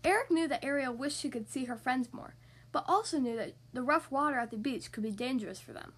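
High-voiced lady reading a kids storybook on her podcast, bright and expressive. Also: brisk, husky. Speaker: podcast host and reader. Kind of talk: reading a picture book aloud for children.

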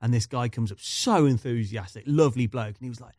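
A man's voice: mid-range voice, fast talker, darkish tone, no echo, studio quality. A man hosting a podcast, asking curious probing questions in casual chat. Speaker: podcast host.

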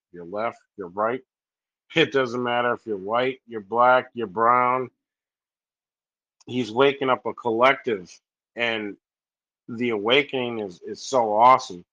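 A man hosting an interview, enthusiastic and animated as he responds to his guest. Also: mid-range voice, dull audio. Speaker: host. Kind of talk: conversational interview.

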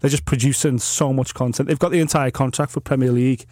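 A man's voice: mid-range voice, fairly even intonation, fast talker, darkish tone, no room sound, studio quality. Wry man telling a story. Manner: storytelling, wry and self-mocking. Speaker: podcast co-host. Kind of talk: casual chat.

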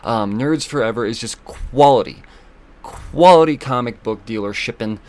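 Profane, excitable man hosting a podcast. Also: mid-range voice, moderate pace. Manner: loose, profane and excitable, with many fillers. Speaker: podcast host. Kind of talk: casual solo podcast talk.

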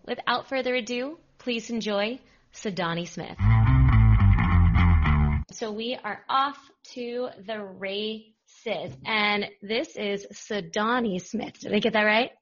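A woman's voice: mid-range voice, measured pace, fairly bright tone, soft background music. Young woman, podcast host, upbeat, chatty, self-joking, slightly dull lo-fi sound. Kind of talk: casual podcast chat.

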